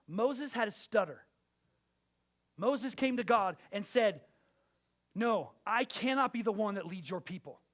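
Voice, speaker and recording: A man's voice: high-pitched, lively intonation, measured pace, long pauses, fairly bright tone. A man preaching a sermon as pastor, exhorting his listeners directly and with emphasis.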